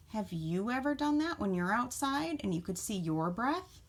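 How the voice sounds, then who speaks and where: Expressive teacher reading a picture book. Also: female voice, a little high, moderate pace. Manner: expressive, asks children questions. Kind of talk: picture-book read-aloud for children. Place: home.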